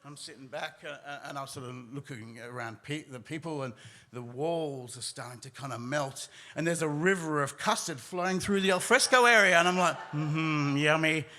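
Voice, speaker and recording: A man tells a story live on stage, his voice bright and ringing. He sits a little higher than most men and throws himself into his own reactions. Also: brisk. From Australia. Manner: animated, acts out his own panicked voice.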